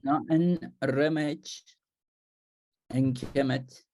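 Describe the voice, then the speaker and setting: A man answering as a student in an online class over a video call, hesitant and unsure, with many pauses. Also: medium pitch, fairly even intonation, a little mellow, slight background noise.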